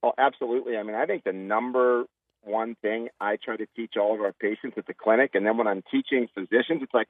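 A man's voice: lowish voice, steady tone, quick pace, no echo. An older man, a nutritionist guest on a radio show, explaining earnestly in a conversational way with frequent restarts. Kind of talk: casual radio interview. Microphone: phone line. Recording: tinny phone line.

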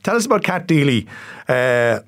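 A man hosts a casual news podcast and puts questions to his guests, pausing and restarting now and then. His voice sits at a middle pitch. It is recorded close and dry, with no room sound. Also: big pitch swings, no echo. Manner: conversational, asks questions with small hesitations. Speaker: podcast host. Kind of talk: casual newspaper podcast chat.

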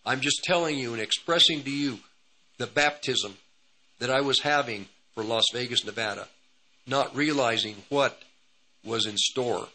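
A man's voice: mid-range voice, measured pace, bright, forceful tone, poor audio. A man hosting a radio ministry program, telling a personal testimony in a rambling, repetitive way. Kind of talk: testimony storytelling.

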